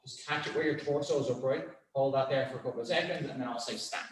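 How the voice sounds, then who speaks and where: A man leads a weightlifting class at a middle pitch, talking people through each position. He encourages the group and counts down the holds. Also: quick pace, roomy sound. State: out of breath. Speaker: weightlifting coach. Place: gym.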